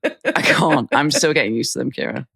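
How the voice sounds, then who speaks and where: A woman's voice: a bass voice, huge pitch swings, normal speed, creaky, a bit bright, breathy edge. A British woman from England co-hosting a podcast, telling stories in casual chat and swearing freely. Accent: British English. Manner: chatty anecdotal storytelling, swears freely. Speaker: podcast co-host.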